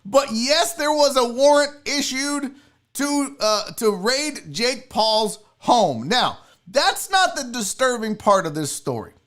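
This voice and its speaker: A man's voice: extremely high pitch, slow pace. A man hosting a live sports and entertainment stream, ranting casually to his chat with lots of swearing. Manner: profane, animated, talks to chat viewers. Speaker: podcast host.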